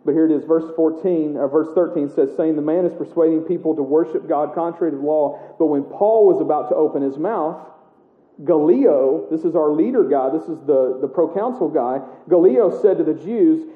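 A man preaching a sermon in a casual, animated way, acting out the scripture he reads aloud. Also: a little high, moderate pace. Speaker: pastor. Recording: echoey room heard over a tinny narrow line.

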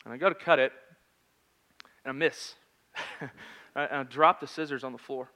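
Bright-voiced man preaching conversationally. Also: medium pitch, normal speed. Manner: conversational, swings from loud to hushed. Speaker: pastor. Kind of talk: sermon with personal story.

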